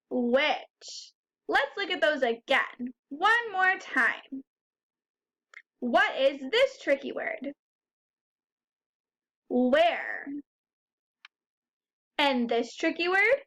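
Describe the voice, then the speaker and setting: Woman teacher, high voice, slow and clear, sounding out words for young kids. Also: pushed and bright. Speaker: first grade teacher. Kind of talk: recorded phonics lesson for young children.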